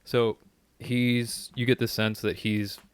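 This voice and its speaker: Smooth-voiced man recapping a film plot. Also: mid-range voice, little pitch movement, dry recording. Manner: recaps the plot in halting, reflective phrases. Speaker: podcast co-host. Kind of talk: casual movie discussion.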